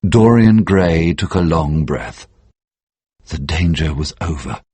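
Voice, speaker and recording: A man narrating a story for English learners in a measured, steady way. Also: very deep voice, husky, dry recording.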